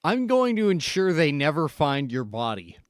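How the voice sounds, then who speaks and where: A man with a Canadian accent, streaming in a playful, deadpan way. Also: fairly high pitch, normal speed, clean tone, dry recording, clean studio sound. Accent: Canadian English. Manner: playful, deadpan, laughing often. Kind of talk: casual streaming chat.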